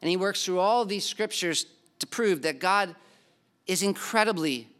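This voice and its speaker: A man's voice: sits high, a little slow, fairly bright tone, clear, resonant tone. A man preaching a sermon as pastor, earnest and emphatic, acting out the people in the story.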